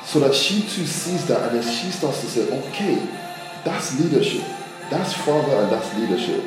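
A man's voice: medium pitch, moderate pace, far from the mic. A man preaching a conversational sermon as a pastor, acting out quotes and talking straight to his people. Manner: conversational, animated, acts out quotes. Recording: very echoey room with music behind. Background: music.

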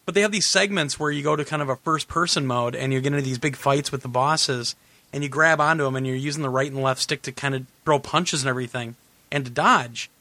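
Bright-voiced man chatting on a podcast. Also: mid-range voice, fast talker, no echo. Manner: rambling, self-correcting, laughs often. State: losing his voice. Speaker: podcast host. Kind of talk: casual gaming podcast chat.

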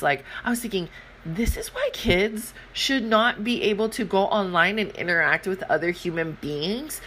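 A woman in her late thirties hosting her own podcast, telling a story in a casual rant with lots of swearing and acted-out voices. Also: medium pitch. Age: 30s. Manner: animated storytelling, acting out voices, swearing freely. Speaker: podcast host.

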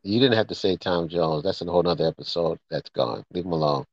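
A man's voice: low-pitched, quick pace, no room sound, dull audio. A man co-hosting a casual chat podcast, joking around and slipping into mock gangster voices. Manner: joking, drops into gangster impressions. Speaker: podcast co-host.

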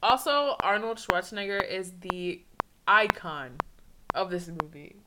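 A woman's voice: medium pitch, expressive. Laughing woman co-host, noisy track. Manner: laughing, quick agreeing interjections. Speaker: podcast co-host. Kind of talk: casual movie chat.

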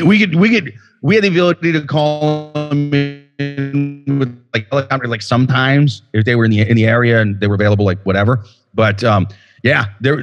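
A young man co-hosting a podcast in casual chat, profane and rambling, with many restarts and fillers. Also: medium pitch. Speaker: podcast co-host.

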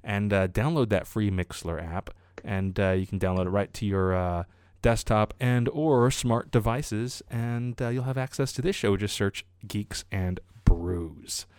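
A man's voice: lowish voice, a little slow, darkish tone, clean tone, dry recording. Upbeat podcast host man, dry mic. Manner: upbeat, filler-heavy host patter. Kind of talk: casual chat over beers.

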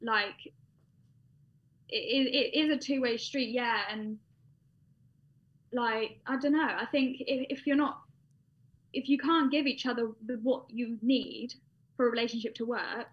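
A woman's voice: on the high side, fairly even intonation, a little slow, pauses often. A young British woman telling a personal story in a casual, chatty way, with many fillers. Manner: chatty, with frequent fillers and laughs. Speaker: guest. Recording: dull lo-fi sound.

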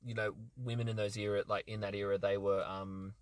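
A man's voice: on the low side, little pitch movement, fairly quick, dry recording. A young man co-hosting a casual film chat, rambling with plenty of fillers and restarts, from a car parked outside a bar. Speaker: podcast co-host.

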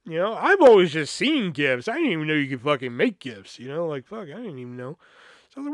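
A man's voice: fairly high pitch, big pitch swings, quick pace, no room sound, studio quality. Rambling, profane male podcast storyteller. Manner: rambling, profane, filler-heavy. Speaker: podcast host. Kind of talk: casual storytelling monologue.

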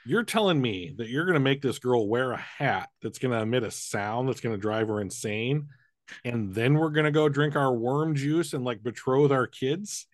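A man's voice: medium pitch, moderate pace, no echo, studio quality. Rambling, cursing male podcast co-host. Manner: rambling, swears, jokes about fan topics. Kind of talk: casual chat.

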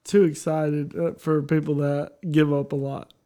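A sarcastic man co-hosting a podcast, cracking profane jokes in casual chat. His voice runs a little higher than most men's. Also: little pitch movement, measured pace, warm tone. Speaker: podcast co-host.

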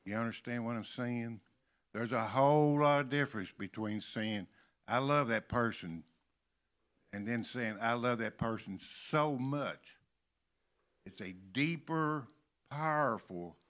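An older man from Kentucky preaching a sermon in a church, slowly stressing and repeating key words. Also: medium pitch, a bit bright. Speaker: pastor. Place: church sanctuary.

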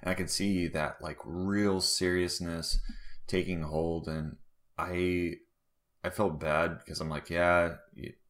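A man with a very low voice tells workplace stories in a casual chat. He rambles, swears freely and drifts between tangents. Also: level tone, slow pace. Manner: loose, profane, rambling anecdotes.

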